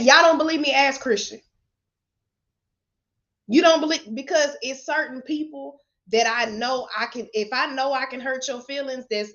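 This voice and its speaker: A woman's voice: sits high, fairly bright tone. Blunt, profane woman on a lo-fi livestream. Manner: blunt, profane, laughs often. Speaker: motivational speaker. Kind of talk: live-stream motivational talk. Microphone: webcam or phone camera.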